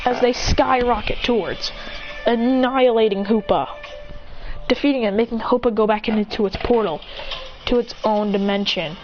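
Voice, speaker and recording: A woman narrating an improvised fan story with excitement, acting out shouts and correcting herself, in a dull lo-fi recording with loud music behind. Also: on the high side, normal speed.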